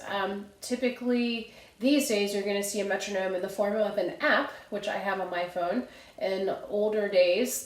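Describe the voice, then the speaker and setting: A young woman coaching a vocal warm-up in a chatty, self-amused way, with breathy sighs and crisp tongue twisters. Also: mid-range voice. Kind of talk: casual vocal warm-up lesson. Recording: roomy echo.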